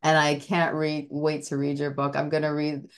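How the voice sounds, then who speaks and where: A woman's voice: deep voice, completely flat delivery, normal speed, smooth. A woman hosting a podcast interview, talking earnestly and rambling with many fillers. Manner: rambling, full of "you know" fillers; earnest and admiring. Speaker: podcast host. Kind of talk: casual interview chat.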